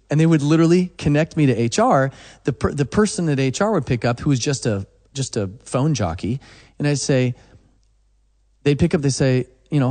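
Animated man telling a story, long room reverb. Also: mid-range voice, a little fast. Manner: animated storyteller, acts out phone calls. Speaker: guest musician. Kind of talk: casual storytelling in an interview.

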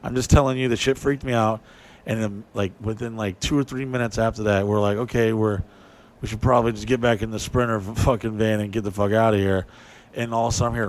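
A man casually telling a story, animated and profane, acting out what people said in a raised voice. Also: fairly low pitch, fairly quick, soft background music.

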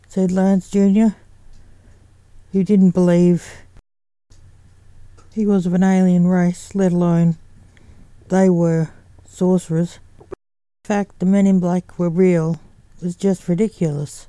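A woman reading a story aloud at an even, unhurried pace. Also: lowish voice, dry recording.

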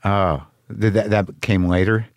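A man's voice: on the low side, fairly even intonation, unhurried, no echo. A man from New Mexico hosting a podcast, asking brief questions and prompting his guest. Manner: short prompting questions and backchannels. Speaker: podcast host. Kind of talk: casual interview conversation.

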